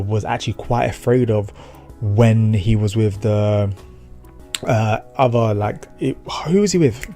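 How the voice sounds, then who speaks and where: Gravelly, low man reviewing anime. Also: dark tone. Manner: rambling, slangy, with quick acted-out quotes and swearing. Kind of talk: casual recap and review.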